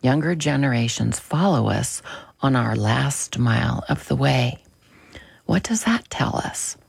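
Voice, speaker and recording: A man hosting a radio program, reading a Christian book aloud in a slow, gentle, deliberate way. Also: mid-range voice, expressive, vocal fry, husky, no room sound.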